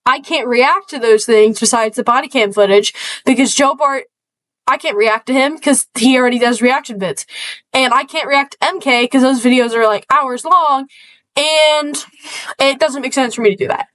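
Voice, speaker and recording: A woman's voice: sits high, moderate pace, fairly bright tone, dry recording, low-quality recording. A woman from the northern United States, streaming casual reaction commentary, rambling and self-deprecating with lots of fillers and trailing asides.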